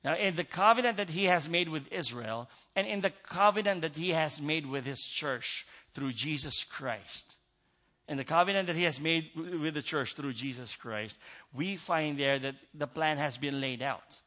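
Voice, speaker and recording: Male preacher, high voice, earnest sermon delivery, repeats phrases for emphasis. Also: normal speed, bright, forceful tone.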